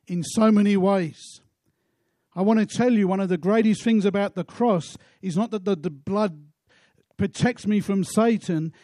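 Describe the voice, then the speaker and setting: A pastor preaching a sermon in an earnest way, asking rhetorical questions. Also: male voice, sits high, dark tone, no room sound, clean studio sound.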